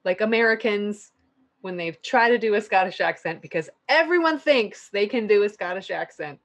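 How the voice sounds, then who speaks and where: A woman's voice: mid-range voice, lively intonation. A woman hosting a casual interview chat, enthusiastic and starting her sentences over. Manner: enthusiastic, halting restarts. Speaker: podcast host.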